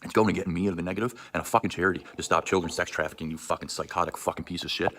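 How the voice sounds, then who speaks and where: A man's voice: sits low, fairly even intonation, rapid-fire, a bit bright, slight background noise. A man in his thirties ranting on a livestream, furious and profane, hurling insults. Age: 30s. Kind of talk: angry livestream rant.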